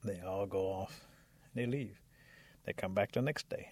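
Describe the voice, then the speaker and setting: A man telling a folk tale on a radio show in a relaxed, lively way. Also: fairly low pitch, normal speed, no room sound. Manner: relaxed, lively narration with occasional laughs. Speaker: storyteller.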